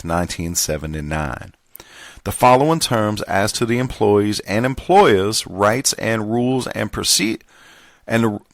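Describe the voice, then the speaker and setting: A man reading a contract manual aloud in a put-on Southern gentleman voice, measured and formal. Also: lowish voice, creaky, no room sound, full character voice. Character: genteel Southern gentleman reading legal text.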